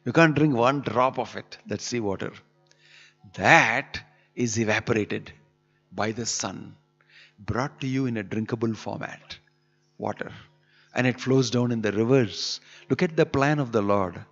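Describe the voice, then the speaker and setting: A man's voice: mid-range voice, measured pace, fairly bright tone, soft background music. A man giving an emphatic scripture sermon in a temple hall, pressing his points with rhetorical questions. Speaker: preacher. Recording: dull lo-fi hall recording with long reverb.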